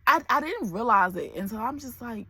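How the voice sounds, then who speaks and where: A woman's voice: on the high side, lively intonation, a little fast, sharp tone. A woman in her forties talking candidly to camera in a personal vlog, emotional and close to tears. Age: 40s. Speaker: vlogger.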